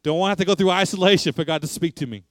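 A man's voice: sits high, rapid-fire, no echo. A man preaching a sermon, emphatic and repetitive, asking rhetorical questions.

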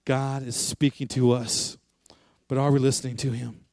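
A man's voice: mid-range voice, flat delivery, normal speed, darkish tone, no room sound, studio quality. A male pastor giving an earnest sermon and altar call, pleading with listeners. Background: faint music.

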